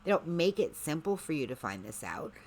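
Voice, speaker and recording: A woman's voice: low voice, sing-song, a little fast, darkish tone. A woman hosting a livestream, chatting casually in a rambling way with sarcastic asides. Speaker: livestream host.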